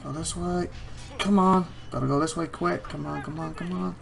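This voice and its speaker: A man's voice: on the high side, steady tone, normal speed, creaky. A man hosting a let's play, commenting live and exclaiming in frustration at the game.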